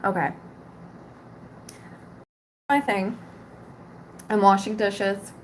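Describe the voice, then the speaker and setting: A woman's voice: medium pitch, steady tone, extremely slow, slight background noise. A young woman vlogger ranting casually to camera, exasperated, swearing and rambling.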